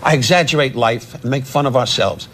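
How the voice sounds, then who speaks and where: A man's voice: medium pitch, a bit bright. A man, a guest on a talk show telling comic stories, teasing and restarting his words as he goes. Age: 80s. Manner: quick-witted insult comic, stammering restarts, teasing. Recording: TV studio with audience noise.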